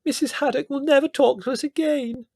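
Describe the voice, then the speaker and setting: A man voicing an excitable young woman who speaks in breathless, gushing outbursts. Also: extremely high pitch, brisk, creaky, no echo, studio quality, pitched above the performer's own voice. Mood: distraught.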